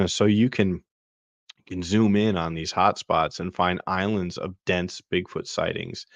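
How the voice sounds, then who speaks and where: A podcast host with a very low, gravelly voice talks through a web tool in a loose, rambling way, full of fillers and restarts. The sound is dry and slightly dull, like a plain home setup. He comes across as relaxed and casual. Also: takes it slowly, no room sound. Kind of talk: casual screen-share walkthrough.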